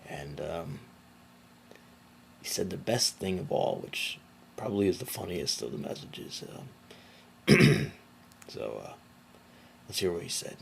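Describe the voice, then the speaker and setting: A man's voice: low voice, very animated, slow pace, gravelly, pauses often, slight background noise. A man hosting a casual commentary video, talking in a sarcastic, incredulous way.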